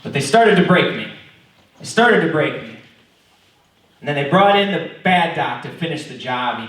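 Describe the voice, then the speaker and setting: A man's voice: sits high, a bit bright. A man doing a stand-up comedy set, telling stories in a profane, mock-earnest way. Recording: very echoey room, mic far off.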